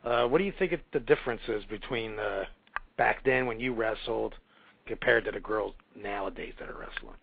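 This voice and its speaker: A man's voice: on the low side, moderate pace, vocal fry, breathy edge, no echo. A man co-hosting a radio show, asking a guest questions in a casual, rambling way. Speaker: co-host. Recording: dry phone-line audio.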